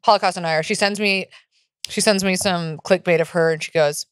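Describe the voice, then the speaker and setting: A woman's voice: on the low side, fairly even intonation, brisk, smooth, no echo. A woman co-hosting a podcast, chatting casually in a rambling, profane way on a close mic. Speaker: podcast co-host. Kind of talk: casual chat.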